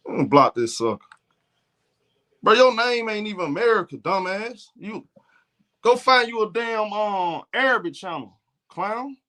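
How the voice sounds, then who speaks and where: A sports streamer from Alabama talks live games in a blunt, profane, trash-talking way with a Southern accent. His voice is high, bright and forceful, with lively intonation, an unhurried pace and long pauses.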